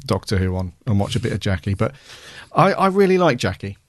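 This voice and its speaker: Brisk and sing-song, his fairly low voice comes through clean studio sound with no room noise. He's a man co-hosting a podcast, casually chatting and animatedly telling stories.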